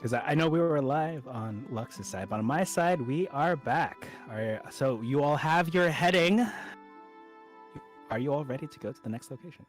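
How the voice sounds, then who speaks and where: A man's voice: on the high side, moderate pace, faint music behind. A man running a tabletop game as dungeon master, talking casually with lots of fillers and trailing thoughts over a voice call. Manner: relaxed, rambling with fillers and trailing off.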